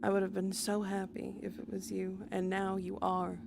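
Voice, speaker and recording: Brief: woman roleplaying, gravelly low-register fry, tender and teary, noisy game voice chat. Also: monotone, normal speed. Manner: tender, tearful and laughing. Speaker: streamer playing her roleplay character. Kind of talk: in-character voice roleplay.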